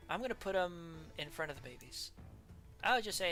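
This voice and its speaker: With faint music in the background, the streamer chats fairly quickly in an animated, sharp, medium-pitched voice while ranking characters. She laughs a lot, wanders in her talk, and keeps trailing off and beginning again.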